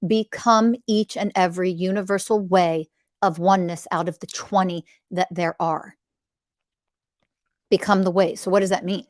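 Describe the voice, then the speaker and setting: A woman's voice: medium pitch, a little slow, no room sound, clean studio sound. A woman hosting a spiritual podcast, giving an impassioned, blunt teaching monologue that repeats phrases like mantras and swears for emphasis.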